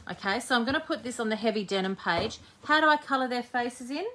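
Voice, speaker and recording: A woman's voice: on the high side, lively intonation, quick pace, heavy background noise. A woman hosting a live-streamed crafting demo, chatting cheekily with her viewers as she works. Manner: chatty, cheeky, talks while working. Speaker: scrapbooking host.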